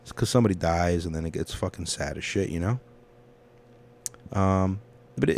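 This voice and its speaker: A young man hosting a casual solo podcast, talking candidly and profanely, rambling between loud rants and quiet confessions. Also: low voice, a little fast, creaky. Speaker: podcast host.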